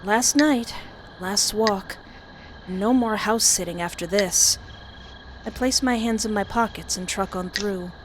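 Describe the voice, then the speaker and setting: Reading a horror visual novel with commentary, this woman streamer speaks at a measured pace in a mid-range voice. She reacts dramatically and laughs a lot, over a steady background hiss.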